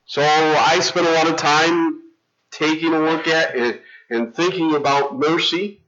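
Man, middle-aged pastor, conversational sermon, fairly high bright voice, dull lo-fi recording. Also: fairly even intonation, measured pace. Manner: conversational, storytelling with self-interruptions and restarts. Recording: dull lo-fi sound.

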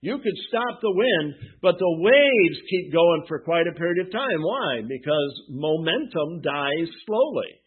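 A pastor preaching a sermon who asks the congregation questions and answers them himself. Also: male voice, fairly high pitch, big pitch swings, measured pace, hardly any pauses, slightly rough. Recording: tinny phone-like sound.

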